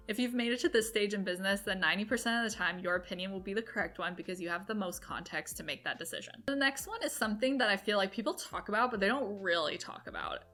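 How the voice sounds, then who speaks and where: A woman's voice: mid-range voice, fairly bright tone. Upbeat chatty young woman vlogger. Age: 20s. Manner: chatty, upbeat, quick asides. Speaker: entrepreneur vlogger. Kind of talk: casual talk-to-camera advice.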